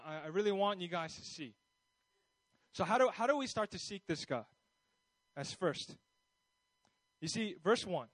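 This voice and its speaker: A man's voice: sits high, no room sound, rough recording. A man preaching a sermon in a conversational way, often restarting his sentences and checking in with his listeners. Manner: conversational, with many restarts and asides. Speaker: pastor.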